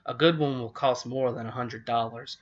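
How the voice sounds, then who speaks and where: A man's voice: medium pitch, fairly even intonation, moderate pace, lo-fi sound, natural voice. A man voicing a stern, exasperated father in a storybook reading.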